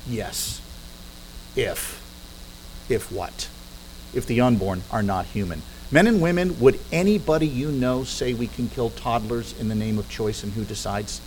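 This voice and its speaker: A man's voice: mid-range voice, slight background noise, low-quality recording. Middle-aged man, persuasive speaker. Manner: rhetorical questions with dry humorous asides. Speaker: guest speaker. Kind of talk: persuasive public talk. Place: church hall at a podium.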